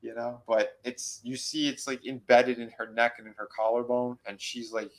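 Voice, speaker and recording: A man co-hosting a horror review podcast, excitedly retelling episode scenes in a rambling, casual way. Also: mid-range voice, moderate pace. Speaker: podcast co-host.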